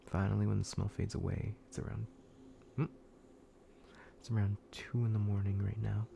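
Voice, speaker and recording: Gravelly low-voiced man telling horror stories. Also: little pitch movement, moderate pace, warm tone, a little hiss or hum. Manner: profane, laid-back storytelling with frequent restarts. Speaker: streamer. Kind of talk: casual horror story narration on a livestream.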